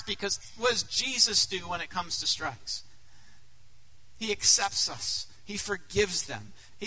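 A middle-aged man preaching a sermon as pastor, earnest, dropping to a hush and then rising to loud, emphatic peaks. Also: high-pitched, low-quality recording.

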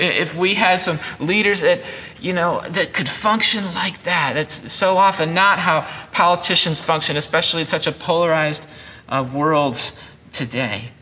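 A man's voice: fairly high pitch, sharp tone. A man in his forties preaching a sermon as pastor, earnest and conversational with frequent restarts. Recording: long hall reverb.

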